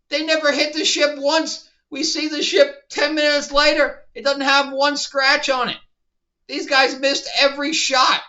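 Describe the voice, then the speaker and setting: A man's voice: extremely high pitch, fairly even intonation, a little slow, bright, forceful tone, muffled recording. A man reviewing a show in a casual vlog, exasperated and sarcastic, rambling with restarts.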